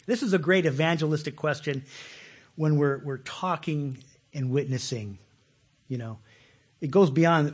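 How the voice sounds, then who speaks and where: A man preaching a conversational sermon, animated and laughing often, repeating words as he starts sentences. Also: fairly high pitch, unhurried, pauses often, husky. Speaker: pastor.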